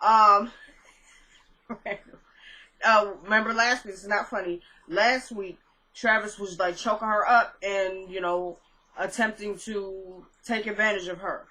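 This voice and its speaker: A young woman chatting through a casual recap of a TV episode, retelling scenes in an animated way with lots of fillers. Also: medium pitch, unhurried, rough recording. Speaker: TV episode reviewer.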